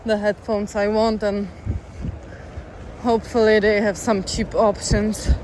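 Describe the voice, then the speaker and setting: A young adult hiker chatting casually and wryly to the camera while walking outdoors by a road. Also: medium pitch. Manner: chatty, easygoing, wry. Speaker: long-distance hiker, vlogger. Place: outdoors by a road in a town, windy. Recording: wind and traffic noise outdoors. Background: wind and passing vehicles.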